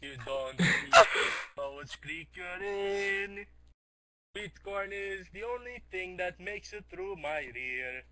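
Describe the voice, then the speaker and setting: A man's voice: high voice, lively intonation, takes it slowly, heavy background noise. Name: Great Mighty Poo. Figure: a man doing a crude, boastful singing poop monster. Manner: rhyming crude sing-song taunts, ending in yelling.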